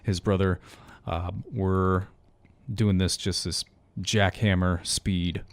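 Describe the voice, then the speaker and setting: A man's voice: low-pitched, flat delivery, slow pace, dry recording. A young man hosting a college radio metal show, chatting casually in a rambling, self-mocking way. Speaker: radio host.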